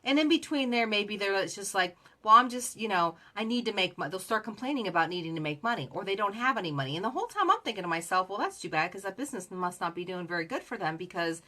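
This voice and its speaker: A woman's voice: mid-range voice, big pitch swings, fast talker, few pauses, a bit bright. A woman giving chatty sales advice who acts out both sides of the conversations she describes. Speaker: direct sales coach. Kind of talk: casual motivational talk.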